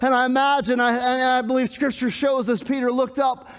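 A man preaching a sermon, animated, asking the congregation questions and acting out scenes. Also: extremely high pitch, brisk, smooth, in a large hall. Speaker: pastor.

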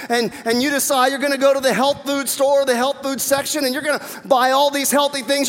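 A man preaching a sermon as pastor, conversational and animated, asking the congregation rhetorical questions. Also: extremely high pitch. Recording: reverberant hall.

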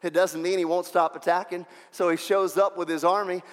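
A man preaching a sermon, animated, acting out voices and swinging from loud to hushed. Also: sits high, a little fast. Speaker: pastor. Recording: long hall reverb.

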